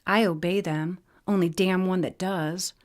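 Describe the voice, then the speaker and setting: A woman voicing a gruff, sick older male hybrid leader in a storybook reading, blunt and grumbling. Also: lowish voice, steady tone, unhurried, lightly acted. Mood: cranky.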